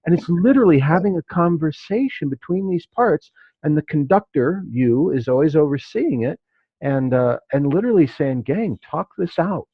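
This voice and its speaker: A man's voice: on the high side, animated, normal speed, husky, no echo. A man leading a class discussion, who acts out the inner voices he quotes. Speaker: class teacher. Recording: dull dry lo-fi recording.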